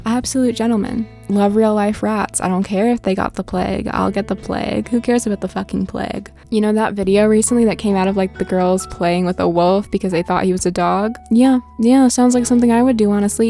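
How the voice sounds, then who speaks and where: A young woman with a gravelly, mellow voice rambles through casual game commentary. She talks bluntly and swears freely, breaking into animated tangents. Faint game music plays softly behind her. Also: mid-range voice. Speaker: gaming creator.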